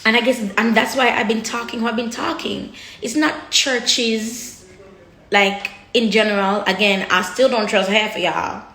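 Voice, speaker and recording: A woman's voice: on the high side, steady tone, unhurried, fairly bright tone. Blunt, raw-talking woman in an echoey room. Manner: blunt and raw, swears freely, heavy with her words. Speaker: vlogger. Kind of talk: candid personal vlog talk.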